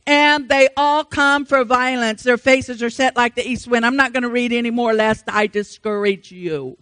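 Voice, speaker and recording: An older woman preaching a sermon with emphatic rhetorical questions, swinging between loud rises and soft drops. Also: fairly high pitch, steady tone, moderate pace, smooth, no room sound.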